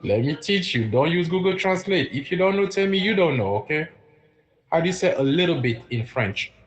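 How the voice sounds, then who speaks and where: A man teaching a live-streamed beginner French lesson, repeating words slowly and chatting with viewers in the comments. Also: fairly high pitch, animated, dull audio.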